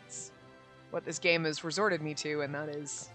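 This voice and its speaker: A woman's voice: sits low, fairly even intonation, normal speed, fairly bright tone, no room sound. A young woman giving sarcastic, exasperated commentary with frequent swearing while playing and reading a visual novel aloud. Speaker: gaming streamer. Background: faint game music.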